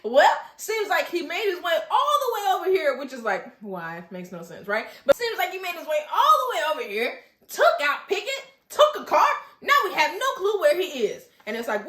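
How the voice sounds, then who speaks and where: A woman hosting an animated TV recap with a high, lively voice that swoops up and down. She chats, laughs often and keeps asking rhetorical questions. Her voice echoes around a bare room. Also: normal speed. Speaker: TV recap host. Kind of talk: casual, animated review.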